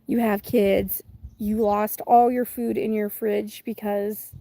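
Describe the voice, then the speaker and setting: A woman's voice: mid-range voice, flat delivery, takes it slowly, mellow, no echo. A woman hosting a casual livestream from home, chatting and rambling with viewers and reading their comments. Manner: chatty and rambling, with many fillers and self-restarts. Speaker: channel host; mother of twins. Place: at home with chickens nearby.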